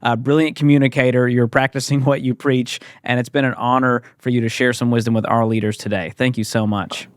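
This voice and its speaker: A man's voice: medium pitch, level tone, fairly quick, hardly any pauses, clean tone, no room sound. A man hosting a business podcast, upbeat and complimentary as he wraps up an interview. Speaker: podcast host.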